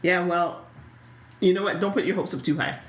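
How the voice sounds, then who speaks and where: A woman co-hosting a casual podcast chat, animated, often repeating words as she starts a thought. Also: lowish voice, moderate pace, roomy sound. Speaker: podcast co-host. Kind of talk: casual chat about a soap opera.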